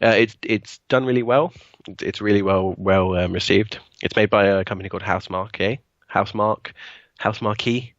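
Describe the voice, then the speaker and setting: Rambling low-voiced male co-host. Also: fairly even intonation, a little fast, dry recording, lo-fi sound. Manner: hesitant, many ums and likes. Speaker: podcast co-host. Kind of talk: casual chat.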